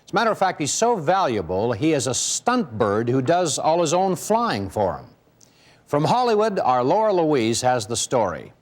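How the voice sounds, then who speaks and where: A male TV host reads scripted links with a jokey, punchy delivery. His pitch moves around a lot and sits somewhat high for a man. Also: sing-song, normal speed. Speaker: TV show host. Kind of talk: scripted TV hosting.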